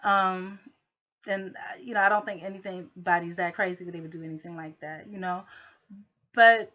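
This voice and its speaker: A woman's voice: on the low side, fairly even intonation, brisk, sharp tone, muffled recording. A woman rambling through a personal conflict story, full of filler phrases.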